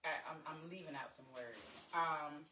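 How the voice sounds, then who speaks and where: A woman hosting a podcast, telling a story in a blunt, candid, animated casual chat. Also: sits low, moderate pace, noisy background. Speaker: podcast host. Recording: echoey room, voice from a distance. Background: excited dogs at times.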